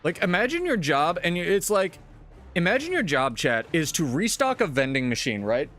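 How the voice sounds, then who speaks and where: A man's voice: on the high side, sing-song, normal speed, fairly bright tone. Profane, ranting male streamer. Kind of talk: casual live-stream chat.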